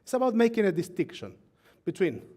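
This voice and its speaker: A man's voice: high-pitched, wildly swooping pitch, a little mellow. Chatty man teaching a live-streamed sermon. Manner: chatty, laughs often, asks the congregation and crew directly for attention; reads scripture slowly and deliberately. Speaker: rabbi leading a Shabbat service.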